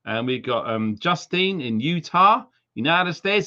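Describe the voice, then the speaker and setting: This Welsh stream host has a fairly high, bright and forceful voice, animated and unhurried with few pauses. He reads out viewers' names and places in a joking, chatty way, slipping into silly accents, while the lo-fi stream audio sounds slightly dull.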